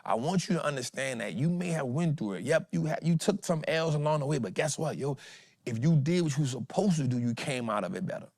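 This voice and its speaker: Man, motivational host, slangy, animated, higher voice, dry sound. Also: fast talker, vocal fry, dry recording. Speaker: podcast host, trading educator. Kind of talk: motivational casual talk.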